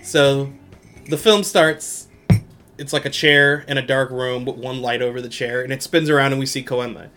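A man's voice: mid-range voice, steady tone, normal speed, pushed and bright, soft background music. A young man hosting a podcast, casually recapping an anime episode in slang and laughing often. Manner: slangy, laughs often, quotes characters in his own voice. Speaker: podcast host.

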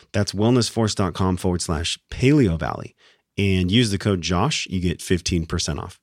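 A man with a raspy, hoarse voice from a sinus infection, hosting a podcast and reading ads with enthusiastic, playful talk straight to his listeners. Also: sits low, darkish tone, no room sound, clean studio sound. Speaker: podcast host. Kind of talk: podcast intro and ad reads.

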